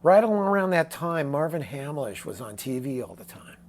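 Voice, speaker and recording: Gravelly older male storyteller. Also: on the high side, a little fast. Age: 60s. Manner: animated storyteller, acts out quoted voices. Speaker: songwriter guest. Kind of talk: casual storytelling interview.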